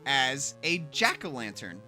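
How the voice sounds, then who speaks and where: A young man chats through a game over a desk mic. His tone is bright and forward, with wide swings in pitch. He stumbles over restarts and drags out his words when telling spooky tales. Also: very animated, soft background music. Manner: stumbling restarts, slows down to tell spooky stories. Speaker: gaming YouTuber. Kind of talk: casual gaming commentary.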